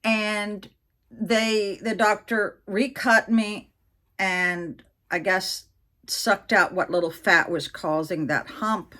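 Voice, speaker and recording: A woman vlogger in her sixties chats candidly to camera, telling a personal story full of fillers and asides. Her medium-pitched voice is steady, pushed and bright, and she takes her time.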